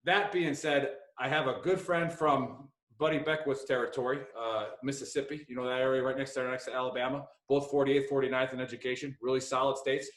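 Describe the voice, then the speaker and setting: A man's voice: mid-range voice, flat delivery, brisk, few pauses, a bit bright. A man hosting a casual podcast, rambling and joking with frequent swearing. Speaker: podcast host. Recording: echoey room.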